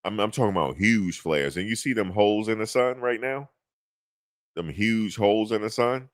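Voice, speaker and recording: A man's voice: lowish voice, moderate pace, no echo, clean studio sound. A middle-aged man hosting a casual chat, laid-back and rambling, chuckling at his own jokes. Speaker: podcast host.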